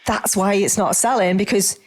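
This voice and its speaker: A woman's voice: mid-range voice, normal speed. A woman, a business coach hosting a podcast, chatting animatedly and acting out the people she describes. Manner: animated, acts out quoted clients. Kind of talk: conversational podcast chat.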